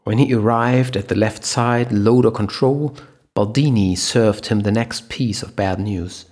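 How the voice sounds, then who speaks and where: A man giving steady scripted narration of an audiobook. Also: fairly low pitch, a little slow, slightly rough. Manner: steady storytelling.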